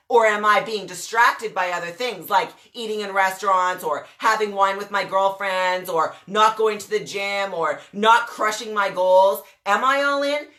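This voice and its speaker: A woman's voice: medium pitch, pushed and bright. A woman in her forties, a network marketing coach, giving a blunt, mouthy motivational rant and asking "guess what?" again and again.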